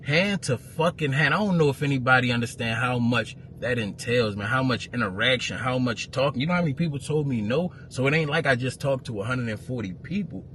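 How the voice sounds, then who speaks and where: A man, an event promoter telling a story to camera as a profane, heated rant that grows louder. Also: medium pitch, expressive, a little fast, hardly any pauses, slight background noise.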